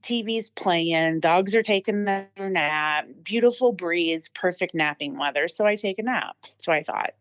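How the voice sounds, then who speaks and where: A woman's voice: fairly low pitch, measured pace, hardly any pauses. A woman giving a personal testimony as a podcast guest, telling her story vividly with many fillers and restarts.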